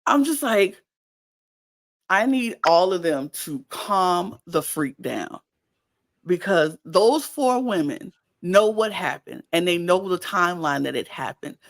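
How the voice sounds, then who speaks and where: A woman's voice: lowish voice, lively intonation, slow. A woman co-hosting a casual podcast, recapping a reality show and acting out quotes in raised voices. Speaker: podcast co-host.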